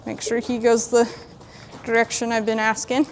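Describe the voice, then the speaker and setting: A woman horse trainer in a sandy arena, calmly explaining while she works a young horse and talks to it. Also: fairly high pitch, moderate pace, a little hiss or hum. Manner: calm, plainspoken, talks to the horse in between. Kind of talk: training demonstration.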